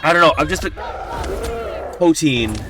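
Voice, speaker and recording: A man live-streaming an online game, talking excitedly and rambling to his viewers, laughing often. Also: a little high, moderate pace, a crowd in the background, background noise. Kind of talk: live gameplay stream chat.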